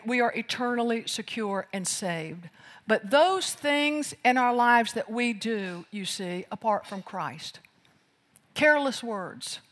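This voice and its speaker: A preacher delivering an emphatic sermon, moving from loud declarations to hushed lines. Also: medium pitch. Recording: long hall reverb.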